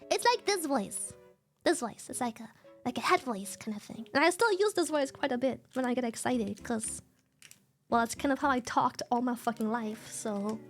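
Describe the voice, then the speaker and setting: A young woman streaming while sick, chatting candidly and swearing freely as she explains her voice. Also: sits high. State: sick, slightly hoarse. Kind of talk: casual stream chat.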